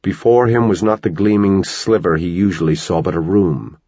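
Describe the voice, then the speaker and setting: A man reading a novel aloud as an audiobook narrator, in a measured storytelling manner. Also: low-pitched, mellow, breathy edge, dry recording, lo-fi sound. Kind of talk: scripted narration.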